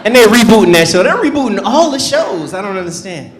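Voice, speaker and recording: Male host from the South; high, lively delivery, roomy venue sound. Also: quick pace, noisy background. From American South. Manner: chatty, animated, acts out bits. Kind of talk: stand-up comedy.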